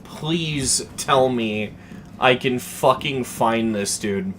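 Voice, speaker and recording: A young man chatting casually as a streamer, telling a story with lots of swearing, dropping to mumbles and then getting excited. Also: mid-range voice, very slow, slight background noise. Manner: animated, profane, swings between mumbling and excited.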